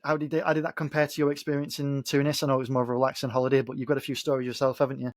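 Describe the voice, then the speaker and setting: A man's voice: mid-range voice, flat delivery, rapid-fire, dry recording, studio quality. A man co-hosting a podcast in casual chat, reflecting on travel and asking his partner follow-up questions. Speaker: podcast co-host.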